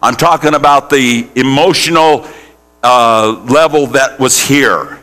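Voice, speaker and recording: A man's voice: mid-range voice, slow pace, pushed and bright. A male pastor preaching a sermon in a church, putting questions straight to the congregation. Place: church sanctuary.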